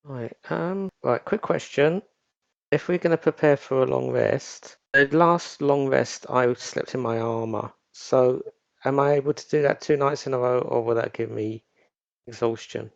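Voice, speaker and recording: Gravelly guy at a tabletop game, plain talk, dull lo-fi dry mic. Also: mid-range voice, unhurried, dry recording. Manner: plain, asks rules questions. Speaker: player. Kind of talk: casual chat at a game table.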